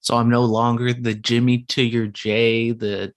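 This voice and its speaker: A man co-hosts a casual chat podcast in an ordinary mid-range voice. He teases his friends wryly and keeps a deadpan delivery. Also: mid-range voice, measured pace. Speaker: podcast co-host.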